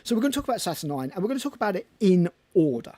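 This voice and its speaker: A man's voice: high voice, sing-song, very fast, dark tone, no room sound. A man co-hosting a casual hobby podcast, rambling and chatty with casual swearing. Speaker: podcast co-host. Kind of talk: casual chat.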